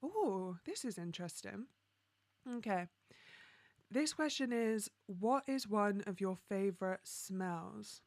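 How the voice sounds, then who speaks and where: A woman from London, hosting a casual livestream, reading viewer comments and chatting in an upbeat way, laughing often and filling pauses with ums. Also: medium pitch, animated, darkish tone, no room sound. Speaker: livestream host.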